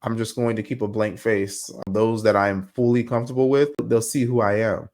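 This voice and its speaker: A young man hosting a podcast, talking casually and telling stories in a slangy, animated way. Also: lowish voice, a little fast. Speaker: podcast host. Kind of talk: casual monologue.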